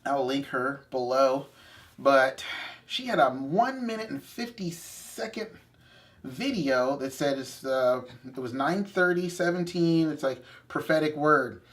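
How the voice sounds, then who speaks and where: Telling a story in easygoing talk, a young man who co-hosts a faith channel adds spirited asides and catches his own slips. His voice is on the high side and his pace is measured.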